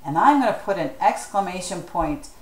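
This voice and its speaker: A woman's voice: fairly low pitch, animated, moderate pace, roomy sound. A woman leading a children's craft tutorial, patient and encouraging, spelling words out letter by letter and asking viewers to follow along. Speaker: children's craft leader at a church.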